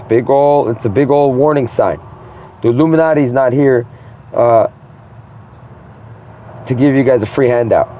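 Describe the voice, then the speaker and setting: A man's voice: medium pitch, mellow. Man delivering a rambling, profane rant full of grandiose claims; light traffic noise underneath. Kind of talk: rambling monologue to camera.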